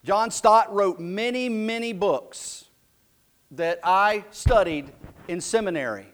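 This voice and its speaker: A man preaching a sermon as pastor, slow and emphatic, dropping his voice low and soft for key lines. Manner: slow, emphatic preaching with dramatic drops to a hush.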